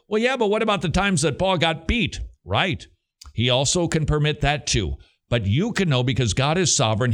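A middle-aged man with a Southern American accent, hosting a Christian question-and-answer radio show with an emphatic, preacherly delivery. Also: mid-range voice.

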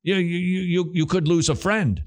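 A man's voice: sits high, fairly even intonation, normal speed. A middle-aged man with a Southern American accent, hosting a Christian question-and-answer radio show with an emphatic, preacherly delivery.

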